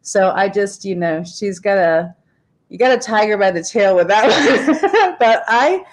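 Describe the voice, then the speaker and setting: A woman's voice: mid-range voice, expressive, unhurried. A woman guest on a talk show, chatting casually and animatedly, often laughing and acting out quotes. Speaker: regular guest. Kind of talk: casual chat.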